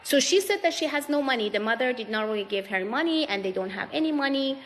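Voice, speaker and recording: A woman's voice: high voice, lively intonation. Emphatic woman on a live stream, echoey. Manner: emphatic, repetitive, fast-shifting emphasis. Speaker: guest answering questions. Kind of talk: emotional live-stream account. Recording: long reverb, faint noise.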